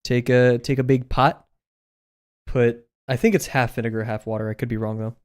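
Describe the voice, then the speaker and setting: A man's voice: medium pitch, steady tone, normal speed, a little mellow, clean tone. A man chatting casually on a live stream while he draws, rambling through asides with lots of filler words. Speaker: drawing streamer.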